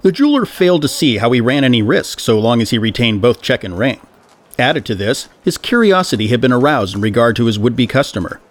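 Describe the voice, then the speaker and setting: A man's voice: medium pitch, big pitch swings, a little fast. Male audiobook narrator.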